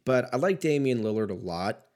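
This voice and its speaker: A man's voice: mid-range voice, big pitch swings, normal speed, darkish tone. A man in his thirties ranting casually about basketball in a rambling, profane, self-mocking way. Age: 30s. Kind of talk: casual solo sports rant.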